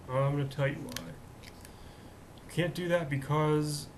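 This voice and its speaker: A man's voice: a little high, steady tone, normal speed, a little hiss or hum, rough recording. A young man in his twenties hosting a comedic vlog, talking in a rambling, jokey, self-mocking way. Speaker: host.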